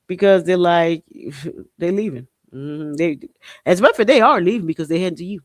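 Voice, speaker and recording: Animated man from Haiti, casual slangy commentary. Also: high voice, fairly quick, no room sound. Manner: animated, slangy, with loud whooping exclamations. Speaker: podcast host.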